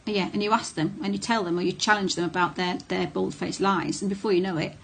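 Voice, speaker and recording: A woman's voice: fairly low pitch, steady tone, fast talker, gravelly, a little hiss or hum. Blunt woman vlogging. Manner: blunt and candid, with many ums and restarts. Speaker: vlogger on narcissistic abuse. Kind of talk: casual talk to camera.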